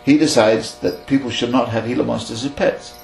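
A man from Kenya in his sixties, an animal handler telling stories in a lively, laughing way and acting out bits of dialogue. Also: mid-range voice, brisk, vocal fry, faint music behind. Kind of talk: casual interview storytelling. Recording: echoey room with mains hum.

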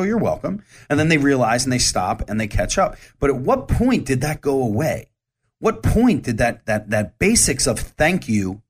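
A man talks straight to his listeners. His voice sits at an ordinary middle pitch, and his delivery is candid and rambling, with plenty of false starts and restarts. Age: 40s. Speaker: show host. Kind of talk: casual monologue.

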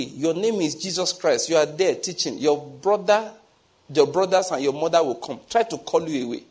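Preacher man, higher-pitched voice. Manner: storytelling, repeats phrases for emphasis, asks listeners rhetorical questions. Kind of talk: sermon with personal anecdote.

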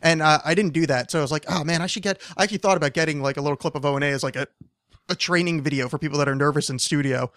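A man in his thirties hosting a casual podcast chat, rambling and animated, trailing off mid-sentence and swearing now and then. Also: on the high side, racing, no room sound, clean studio sound. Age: 30s. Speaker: podcast host.

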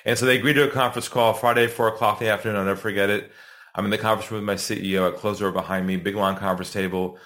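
A middle-aged man, a sales trainer and podcast guest, telling a story in an animated way and acting out quotes to build suspense. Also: fairly low pitch, very fast.

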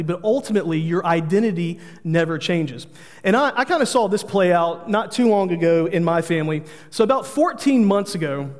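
A man's voice: high-pitched, big-room sound. A man, preaching a sermon in an earnest manner, telling family stories with humor. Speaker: pastor.

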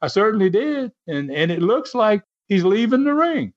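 A man putting on a calm, dry male wrestling announcer who fires back coolly, in a dull lo-fi recording. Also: high-pitched, moderate pace, pitched above the performer's own voice.

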